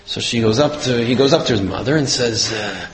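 A man telling a religious lesson as a story, talking haltingly with many fillers and restarts. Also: medium pitch, slight background noise. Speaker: religious teacher. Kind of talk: storytelling sermon. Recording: roomy echo.

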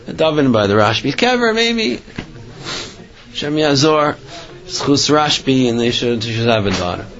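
A man's voice: mid-range voice, very animated, measured pace, fairly bright tone, dull audio. A man giving a religious storytelling talk, rambling with many restarts and filler phrases. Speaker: religious speaker.

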